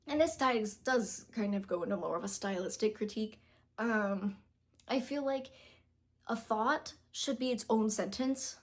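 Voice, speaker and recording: Young woman, slightly high voice, casual book-review chat with lots of ums and self-corrections. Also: a little slow. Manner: chatty, self-deprecating, frequent fillers and restarts; reads passages aloud, stumbling over words.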